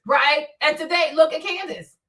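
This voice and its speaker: A woman who immigrated to America rants bluntly, swearing and sarcastic, in casual commentary. Her voice sits high. She sounds set back from the microphone, a little distant. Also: moderate pace, sharp tone. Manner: blunt, profane, sarcastic ranting. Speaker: commentary channel host.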